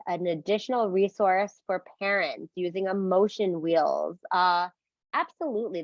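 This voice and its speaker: A woman explaining parenting skills in an instructional talk, calm and clear, often checking in with a quick "right?". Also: mid-range voice, no room sound. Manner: explains calmly, asks "right?", acts out sample phrases for parents. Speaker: parenting educator. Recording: dry, slightly dull and lo-fi.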